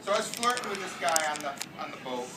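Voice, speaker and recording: A man's voice: sits high, sing-song, quick pace. A middle-aged man with a New England accent doing self-mocking stand-up storytelling at a meet-and-greet on a ship, heard from a far camera. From United States. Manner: brash, self-mocking, punchline-driven. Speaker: stand-up comedian. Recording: roomy, distant camera audio with noise. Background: audience laughter.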